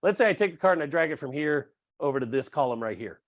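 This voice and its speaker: A man giving a casual live software demo on a video call, talking with many fillers and restarts. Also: on the high side, expressive, fast talker. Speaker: webinar presenter.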